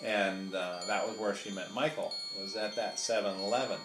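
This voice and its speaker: A very low-voiced man tells a family story in a loose, rambling way full of fillers. His voice echoes around the room, and music plays clearly beneath him. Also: steady tone, normal speed. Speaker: interviewee. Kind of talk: storytelling recollection.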